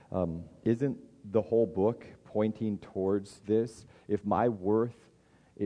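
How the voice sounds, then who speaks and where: A middle-aged man preaching a sermon, conversational and often restarting his words, acting out inner voices in a raised pitch. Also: warm tone. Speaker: pastor.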